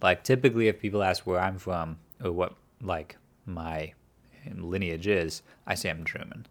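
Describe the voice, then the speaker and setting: A woman's voice: extremely low pitch, normal speed. A woman hosting a podcast in casual chat, asking probing questions with dry quips. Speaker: podcast host.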